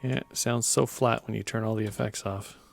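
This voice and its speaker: A man explaining his music production in a relaxed, casual way, thinking aloud with fillers and self-corrections. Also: lowish voice, brisk, gravelly. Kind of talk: casual screen walkthrough. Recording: music playing underneath.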